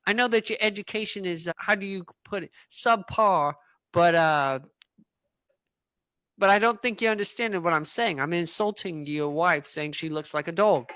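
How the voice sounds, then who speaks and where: Think of a haughty upper-class dog trainer, as a man puts him on for an improv bit, with a fake British accent that keeps wandering into Australian. He talks in a bright, high voice with sneering, overly polite condescension, and the sound is close and dry. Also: moderate pace, clean tone, no room sound. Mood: snooty, mock-polite. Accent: put-on British drifting to Australian. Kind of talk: improv comedy sketch.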